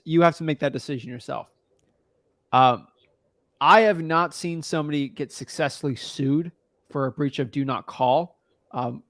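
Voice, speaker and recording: A young man from the United States giving casual, slangy coaching advice on a call, thinking out loud as he looks things up. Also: a little high, no echo, studio quality. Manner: laid-back, slangy, talks through what he looks up. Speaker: real estate wholesaling coach.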